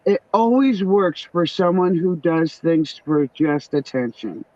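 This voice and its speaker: A middle-aged woman with a New York accent hosts a livestream, chatting bluntly with family, swearing and laughing often. Her low, mellow voice is animated and unhurried; there's no room sound, though the recording is dull and muffled.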